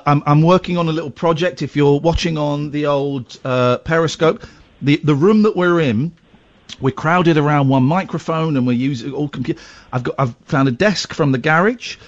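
Chatty radio host, a little muffled. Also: male voice, on the high side. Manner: lively, jokey, chatty, with stumbles and restarts. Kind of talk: casual late-night radio chat. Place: home room, crowded around one microphone.

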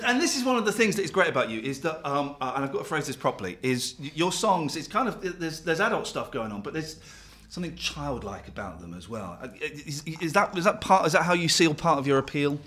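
Male host in his 40s, teasing and playful, slightly high, very animated delivery. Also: fairly quick. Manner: jokey, teasing, laughs often. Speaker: radio host. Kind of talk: casual interview chat.

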